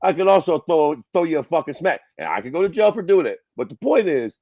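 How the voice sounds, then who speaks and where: A man's voice: on the high side, very animated, fast talker, darkish tone, no room sound, muffled recording. A man co-hosting a casual podcast, talking bluntly and profanely. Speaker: podcast co-host.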